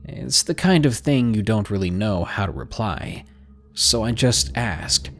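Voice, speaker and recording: A man narrating a true scary story in an expressive, dramatic reading style with hushed asides. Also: fairly low pitch, a little slow, a little hiss or hum. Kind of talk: scripted horror story narration.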